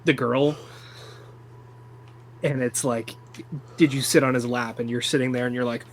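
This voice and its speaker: A man's voice: medium pitch, steady tone, moderate pace, poor audio. Young man raving about films, hum behind. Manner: enthusiastic, rambling, swears freely. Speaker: podcast co-host. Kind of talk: casual film review chat.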